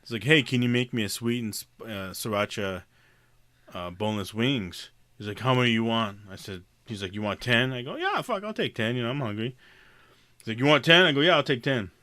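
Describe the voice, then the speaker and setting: Bright-voiced man telling a rambling story. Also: medium pitch, brisk, no echo. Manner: rambling storyteller, profane, laughs often. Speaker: podcast co-host. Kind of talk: casual chat.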